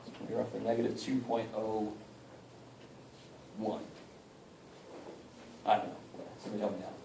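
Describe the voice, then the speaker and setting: Joking math teacher in an echoey classroom. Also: male voice, lowish voice, little pitch movement, moderate pace, gravelly, dark tone, distant mic, a little hiss or hum. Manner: informal and joking, mild swearing, asks the class for help. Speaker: math instructor. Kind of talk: casual classroom lecture. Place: college classroom. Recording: echoey room picked up from afar.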